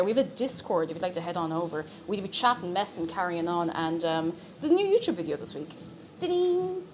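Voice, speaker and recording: A woman's voice: medium pitch, slight background noise. A young woman chatting playfully with her viewers as she cooks in her kitchen on a live stream. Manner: chatty, playful, repeats words for fun. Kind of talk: casual chat while cooking on a live stream. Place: home kitchen. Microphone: desk microphone. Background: background music and frying sizzle.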